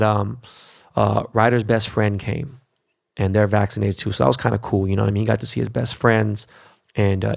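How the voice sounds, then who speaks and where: Man, forties, podcast host, low gravelly voice, dry close sound, profane boastful rambling. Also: no echo. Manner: profane, boastful, loose storytelling with frequent fillers. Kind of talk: casual solo podcast monologue.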